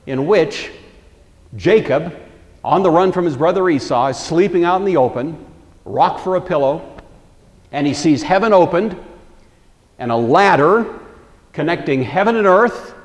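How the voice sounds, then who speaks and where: Lecturer, male, lively storyteller who slips into quoted voices; slightly high voice, reverberant hall. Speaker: Bible lecturer. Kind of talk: recorded lecture.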